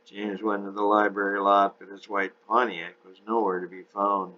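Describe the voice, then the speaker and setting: A man's voice: lowish voice, flat delivery, normal speed, sharp tone. A man steadily narrating an audiobook chapter in a dull lo-fi recording.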